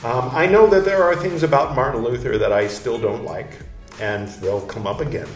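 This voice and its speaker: A man's voice: medium pitch, normal speed, recorded from a distance. A man hosts a podcast, reading an old text aloud and calling out every quotation mark as he goes. Between readings he talks in a loose, candid way. He sits back from the mic in an echoey room, and faint music plays underneath. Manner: reads with spoken "quote" and "end quote" markers; candid, chatty asides with fillers. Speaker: podcast host. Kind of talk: reading a historical text aloud, then casual commentary.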